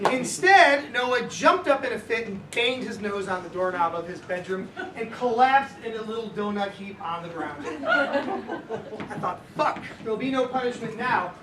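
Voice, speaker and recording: A middle-aged man tells a comic story from his own life to a live audience, dry and self-mocking, with quick asides to the room. He sounds far from the mic, and the hall echoes. There is a steady wash of noise behind him. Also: high-pitched. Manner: wry, self-deprecating, conversational with asides to the crowd. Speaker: author telling a story at a live reading. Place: indoor live event venue.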